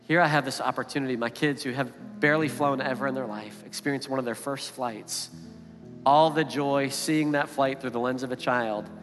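A pastor in his thirties delivers a sermon in a conversational storytelling manner, his mid-range voice carrying through a reverberant church hall. Soft guitar music plays underneath him the whole time. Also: mid-range voice. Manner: storytelling, animated when quoting his kids. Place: church sanctuary.

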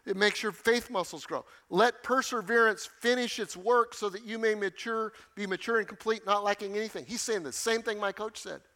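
A man's voice: sits high, normal speed, few pauses, pushed and bright. A middle-aged man preaching a sermon with emphatic delivery, repeating key phrases for weight. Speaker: pastor.

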